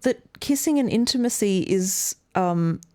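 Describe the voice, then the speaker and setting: A woman's voice: mid-range voice, expressive, unhurried, a little mellow. A young woman co-hosting a podcast in casual chat, playful and chatty, often laughing and trailing off with fillers. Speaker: podcast co-host.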